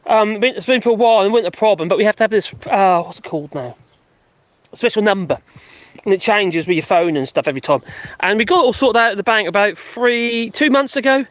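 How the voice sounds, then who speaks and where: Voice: medium pitch, brisk, no echo. A live-stream host, chatting in a rambling way from a garden and laughing often. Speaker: livestream host. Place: outdoors in a garden.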